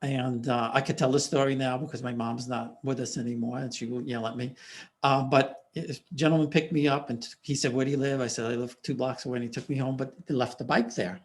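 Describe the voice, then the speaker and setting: An older man hosting a casual interview, telling stories in a rambling, hesitant way with many pauses and restarts. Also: medium pitch, steady tone. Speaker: interviewer, host.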